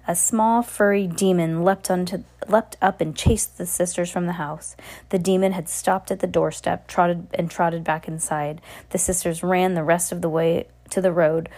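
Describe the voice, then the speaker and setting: A woman narrating an audiobook in a steady reading voice with small restarts. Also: lowish voice.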